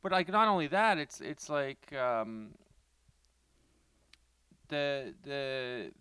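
A man co-hosting a podcast, talking in a loose, rambling way, often stopping to restart a thought. His voice is smooth and resonant, recorded dry and close with no room sound. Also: mid-range voice, sing-song, extremely slow, pushed and bright, dry recording. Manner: rambling storyteller, frequent fillers and self-corrections. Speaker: podcast co-host. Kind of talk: casual podcast chat.

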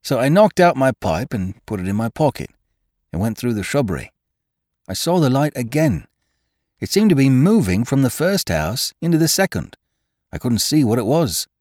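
Pitching his mid-range voice above his natural one, a man plays a nervous, respectful working-class gardener who earnestly, uneasily tells his employer his tale and addresses others as sir. His delivery is very animated, a little mellow and moderately paced, with clean studio sound and no room sound.

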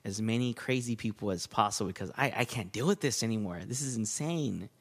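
A man's voice: fairly low pitch, expressive, brisk. A man as a podcast guest in casual chat, talking candidly and swearing freely.

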